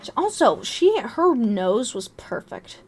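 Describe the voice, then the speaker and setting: A woman's voice: fairly high pitch, very animated, slow pace, a little hiss or hum. A young woman host telling a story in a casual, profane and self-mocking way. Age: young adult. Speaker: vlog host.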